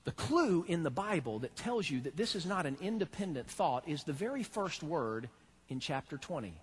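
Animated, husky-voiced pastor preaching. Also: male voice, a little high, moderate pace. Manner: animated, talks straight to the congregation. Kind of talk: sermon.

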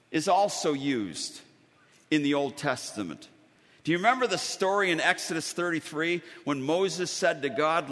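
A man preaching a sermon, telling stories with dramatic pauses and lively emphasis. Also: a little high. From Western New York. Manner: animated storytelling with dramatic pauses. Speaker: pastor. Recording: reverberant hall.

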